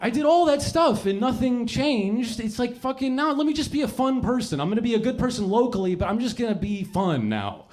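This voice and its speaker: A man's voice: very high-pitched, lively intonation, brisk, few pauses, darkish tone. A young man doing a profane, rambling stand-up set on a comedy club stage, self-mocking, into a handheld mic, with live audience laughter.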